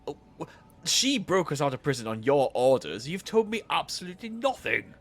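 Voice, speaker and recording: A man's voice: fairly high pitch, big pitch swings, a little fast, a bit bright. A man with a cold playing a tabletop game, questioning others in character. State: has a cold. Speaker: player. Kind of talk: tabletop role-play.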